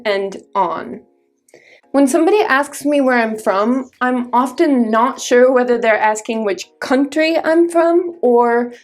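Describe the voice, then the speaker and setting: A woman with a Midwestern American accent delivers a scripted English lesson. Her voice sits a little high, and she speaks clearly and carefully, walking through example sentences one by one. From Minnesota, United States. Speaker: English teacher.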